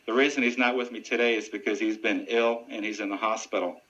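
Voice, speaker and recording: A man who works as a deputy sheriff and ventriloquist, answering radio interview questions in an earnest, steady and informative way. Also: fairly low pitch, fast talker. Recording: dull lo-fi radio audio.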